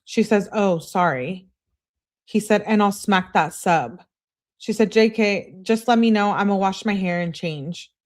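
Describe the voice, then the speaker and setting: A woman hosts a live reading, reading out each text message with its speaker tag and then commenting on it. Her voice sits at an average pitch, and she talks to her chat between messages. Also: unhurried. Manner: reads messages aloud with speaker tags, breaks off to comment and greet chat. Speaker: true-crime channel host.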